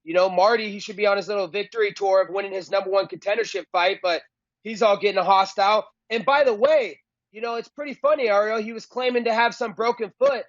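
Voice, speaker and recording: A man's voice: high voice, fast talker, dry recording, lo-fi sound. A man being interviewed as a fighter, talking trash in a cocky, mocking, boastful way.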